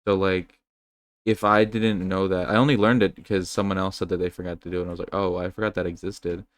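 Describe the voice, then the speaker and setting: Low, smooth-voiced man telling rambling stories. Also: fast talker, dry recording. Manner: rambling, profane, animated storytelling. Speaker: podcast co-host. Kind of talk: casual podcast chat.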